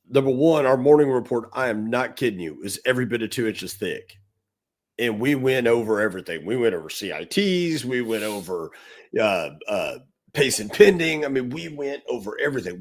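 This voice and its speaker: A middle-aged man co-hosting a podcast, telling an animated story and acting out the quotes. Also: medium pitch. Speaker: podcast co-host. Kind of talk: storytelling in casual podcast talk.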